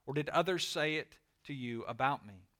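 A man reading the lines of a calm male teacher on trial, steady and measured. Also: medium pitch.

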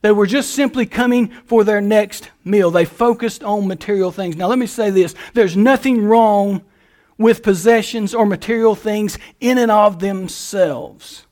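A man's voice: high voice, unhurried, a little mellow. A male pastor preaching a sermon in a folksy, emphatic way.

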